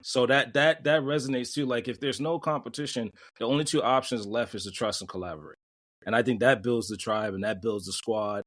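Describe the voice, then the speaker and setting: A man with a mid-pitched voice co-hosts a podcast, musing aloud in a casual, conversational way. He restarts sentences now and then as he works through his thoughts. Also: brisk, a bit bright. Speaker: podcast co-host.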